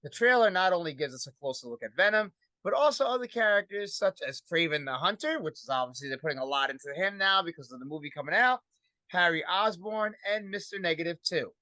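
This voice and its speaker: A man's voice: high-pitched, animated, fast talker, sharp tone, dry recording. A man with a Brooklyn accent hosting a casual podcast chat, rambling and repeating himself. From Brooklyn, New York. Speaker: podcast host.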